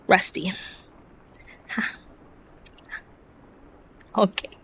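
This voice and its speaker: A woman's voice: fairly low pitch, moderate pace, long pauses. Chatty woman streaming a game. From United States. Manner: chatty, self-deprecating, giggly. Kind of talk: casual chat while gaming.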